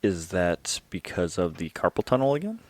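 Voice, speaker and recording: A man's voice: low-pitched, big pitch swings, normal speed, a little mellow, no room sound. A man co-hosting a podcast in casual chat, with dry, teasing banter. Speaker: podcast co-host.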